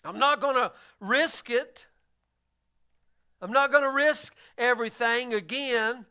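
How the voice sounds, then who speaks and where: A man's voice: very high voice, slow, pushed and bright, clear, resonant tone, full character voice. A man voicing a hurt disciple who insists on proof before he will trust again. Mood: pleading. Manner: earnest and insistent. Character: wounded male disciple, guarded and pleading.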